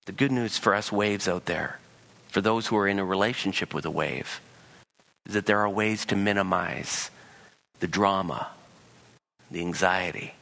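A man preaching a sermon as pastor, animated and acting out voices in the dialogue he quotes. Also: deep voice, normal speed, creaky, long pauses.

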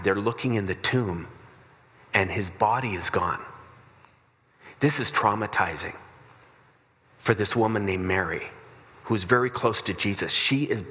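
A man preaching a sermon in a relaxed, conversational way, telling stories with blunt asides. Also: on the low side. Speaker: pastor. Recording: long hall reverb.

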